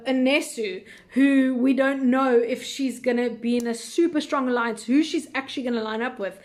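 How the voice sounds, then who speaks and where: A woman with a slightly high voice hosts a live recap chat. She thinks aloud with plenty of fillers and admits she is unsure as she answers viewers' questions. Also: a little mellow.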